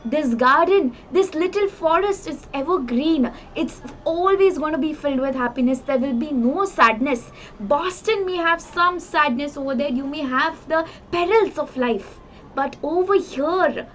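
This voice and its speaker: A woman's voice: sits high, unhurried, a bit bright, a little hiss or hum, rough recording. A young woman with an Indian English accent, explaining a poem in a lesson, earnestly repeating and paraphrasing each line. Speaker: teacher.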